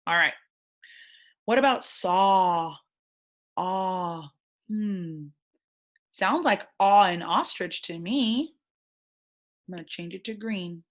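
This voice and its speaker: Slow, gentle woman teaching phonics. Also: medium pitch. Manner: slow, gentle and encouraging, sounding out words. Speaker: first grade teacher. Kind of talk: recorded online phonics lesson.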